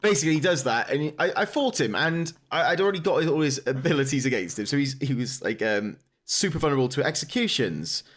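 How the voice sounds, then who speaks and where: A man's voice: medium pitch, quick pace, few pauses. A man co-hosting a gaming podcast, telling stories casually with plenty of swearing and laughter. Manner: animated, swearing, laughing storyteller. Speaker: podcast co-host.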